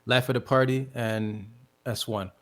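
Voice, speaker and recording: A man's voice: medium pitch, fairly even intonation, unhurried. A man hosting a casual podcast who presses a guest with follow-up questions.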